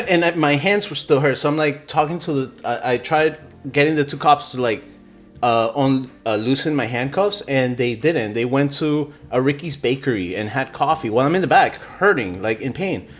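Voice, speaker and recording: A man's voice: mid-range voice, animated, normal speed, faint music behind. A man telling his own story as a podcast guest in casual chat, rambling with lots of fillers and swearing. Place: podcast studio.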